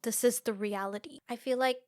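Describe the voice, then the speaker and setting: A woman's voice: a little high, steady tone, a little fast, a little mellow. A young woman co-hosting a podcast, chatting casually about a film with wry, thoughtful remarks. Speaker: podcast co-host.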